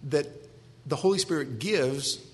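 Middle-aged pastor with a Maine accent. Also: male voice, a little high, measured pace, a little mellow. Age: 40s. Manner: conversational, self-deprecating asides. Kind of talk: sermon.

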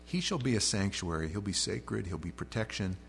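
Man, pastor, lowish voice, expository sermon, faint electrical hum. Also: lively intonation, fairly quick, creaky, fairly bright tone. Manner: reads scripture aloud, then paraphrases in casual modern speech.

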